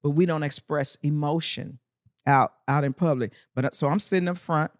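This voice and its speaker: A woman comedian spins animated, earthy stories as a podcast guest. Her delivery is punchy and full of timing. She sits close to a studio mic in a dry, dead room. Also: sits low, normal speed, dry recording. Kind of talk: casual podcast chat, storytelling.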